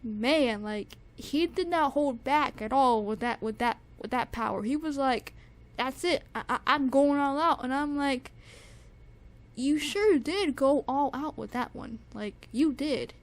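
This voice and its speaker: A young woman with a high voice reviews music in a casual, gushing way. She repeats herself, stacks up fillers and restarts, and keeps circling back to how amazed she is. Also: unhurried. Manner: gushing, repetitive, lots of "like" and restarts.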